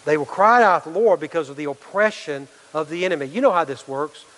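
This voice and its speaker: A man's voice: fairly high pitch, animated, quick pace, a bit bright. A middle-aged male pastor preaching a sermon, earnest, full of rhetorical questions and restarts. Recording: long hall reverb.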